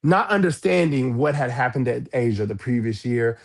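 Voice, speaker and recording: A man telling a story as a podcast guest, frank and animated, with cursing and sudden high jumps in pitch when he quotes people. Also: normal speed, creaky. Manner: frank, swears freely. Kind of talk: storytelling in a casual interview.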